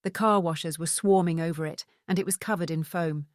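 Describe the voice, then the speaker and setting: Low, steady woman audiobook narrator. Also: fairly quick, dry recording, clean studio sound. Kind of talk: scripted narration.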